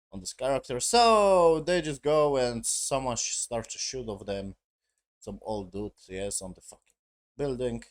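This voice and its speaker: A man talking through a show review in a loose, rambling way. He swears constantly and his sentences often break apart in broken grammar. His voice sits in an ordinary middle pitch. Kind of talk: casual spoken review.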